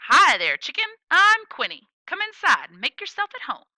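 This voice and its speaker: A woman's voice: very high voice, wildly swooping pitch, normal speed, sharp tone, no echo, pitched above the performer's own voice, heavily acted. A woman voicing an eager, chatty girl of nearly nine who fires off bubbly questions.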